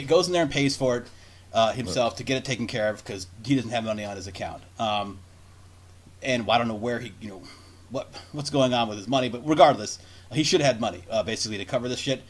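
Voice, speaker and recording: A man co-hosting a casual chat, telling a rambling story full of swearing and acted-out quotes. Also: medium pitch. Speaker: podcast co-host.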